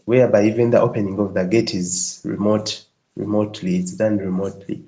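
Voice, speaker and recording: A man's voice: on the low side, level tone, brisk, mellow, low-quality recording. A male instructor explaining a building design tutorial, often checking with the listener and restarting phrases. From Kenya.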